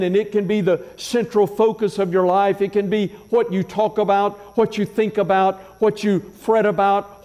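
A man with a high but mellow voice preaches a sermon, measured and emphatic, stacking repeated phrases to drive each point home. His words ring out with a long reverb from a large church sanctuary. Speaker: pastor.

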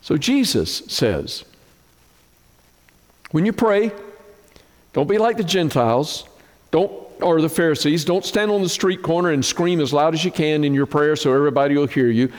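Slow, emphatic preacher in a reverberant hall. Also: male voice, lively intonation. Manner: slow, emphatic preaching with dramatic pitch swings. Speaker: pastor. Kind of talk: sermon.

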